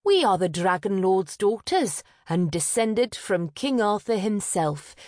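A woman's voice: mid-range voice, sing-song, measured pace, darkish tone, no room sound, studio quality, pitched above the performer's own voice. A woman voicing a proud, vain eldest sister who speaks sharply and impatiently.

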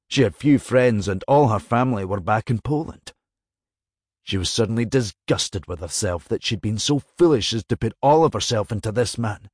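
A man narrating a dramatic novel as an audiobook, measured and expressive. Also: lowish voice, breathy edge, dry recording, clean studio sound.

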